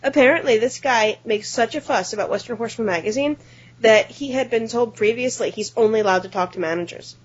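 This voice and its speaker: A husky woman on a podcast spins a lively story in a relaxed chat, dropping casual curses along the way. The audio is somewhat dull and lo-fi. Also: fairly high pitch, fairly quick. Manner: animated anecdote-teller, swears casually. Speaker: podcast co-host.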